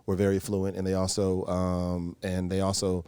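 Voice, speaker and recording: A man in his thirties, an actor guest in a radio studio, telling stories in a relaxed interview with frequent restarts. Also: sits low, moderate pace, clear, resonant tone, dry recording. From Los Angeles. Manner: animated storyteller, many restarts. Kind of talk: casual interview talk. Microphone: studio mic.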